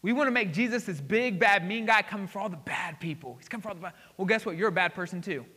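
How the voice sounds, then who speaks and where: Excitable guy preaching, high bright voice, lots of hall echo, goes loud then hushed. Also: fast talker, slightly rough. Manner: excitable, swings between loud exclamations and hushed asides. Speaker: pastor. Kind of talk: sermon. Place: church sanctuary. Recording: hall reverb.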